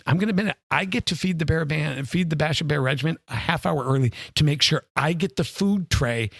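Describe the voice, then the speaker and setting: A man co-hosting a casual podcast, a former band director who tells animated stories and acts out the people in them. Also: on the high side, fast talker, creaky, dry recording, studio quality. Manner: animated storyteller who acts out other voices. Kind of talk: casual chat.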